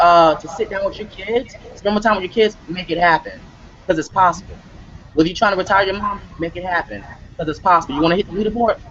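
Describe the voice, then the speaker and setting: A man with a high, fairly bright voice runs a live motivational webcast, repeating himself emphatically and checking in with "right?" often. Slight background noise sits under the dull audio.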